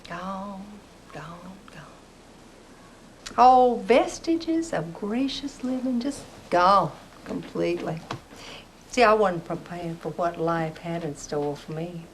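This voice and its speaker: A woman's voice: fairly low pitch, lively intonation, slow pace, slight background noise, poor audio. A gushing Southern mother. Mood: wistful. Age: middle-aged.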